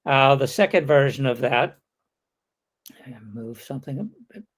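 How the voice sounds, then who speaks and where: A man's voice: mid-range voice, animated, unhurried. A man giving an online lecture as a webinar lecturer. He explains points step by step and reads example questions aloud with contrasting intonation.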